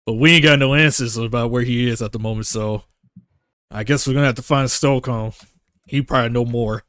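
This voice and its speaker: A man's voice: mid-range voice, steady tone, fairly quick, a bit bright, no room sound, voice pushed down, close to an everyday voice. A man voicing an older woman adventurer who talks in a drawling, slangy way. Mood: musing.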